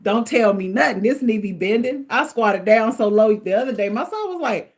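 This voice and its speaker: Animated, lively-pitched woman chatting live. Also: moderate pace. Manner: animated, chatty, laughs often. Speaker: livestream host. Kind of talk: casual livestream chat.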